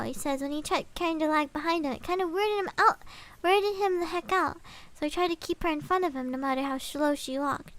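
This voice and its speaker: A woman's voice: extremely high pitch, fairly bright tone. A woman streamer casually reading a scary story aloud, swapping swear words for milder ones and breaking off for chatty asides.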